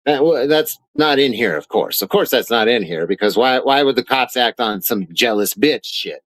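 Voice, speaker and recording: A man's voice: mid-range voice, lively intonation, moderate pace, fairly bright tone, dry recording. A man ranting angrily in a vlog, heated, profane and sarcastic. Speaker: vlogger. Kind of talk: angry rant reading out documents.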